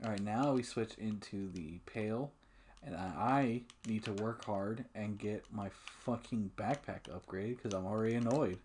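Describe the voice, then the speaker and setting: A man's voice: fairly low pitch, moderate pace, a little mellow, slight background noise. A man giving casual, rambling commentary while playing a farming game, swearing often and laughing at himself. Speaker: let's play gamer.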